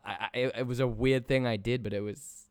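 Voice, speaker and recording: A man's voice: mid-range voice, steady tone, a little fast, no room sound. A young man from England talking casually on a podcast, rambling with lots of fillers and casual swearing. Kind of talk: casual chat.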